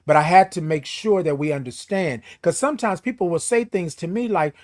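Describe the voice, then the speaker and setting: A man's voice: on the high side, a little fast, hardly any pauses, darkish tone. A man hosting a casual morning livestream, speaking in an emphatic, preachy way and greeting viewers by name. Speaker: host.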